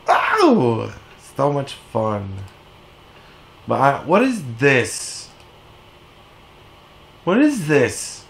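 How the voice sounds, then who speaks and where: A man playing a video game and commenting as he goes, excitable, yelling and swearing at his units. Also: drawn-out words, gravelly, pauses often. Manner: reads in-game text aloud in a low, quiet voice. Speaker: let's play gamer.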